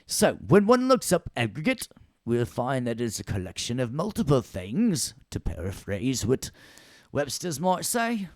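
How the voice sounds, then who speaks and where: A man's voice: mid-range voice, huge pitch swings, measured pace, no echo, studio quality. A man putting on a pompous British lecturer. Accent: put-on British.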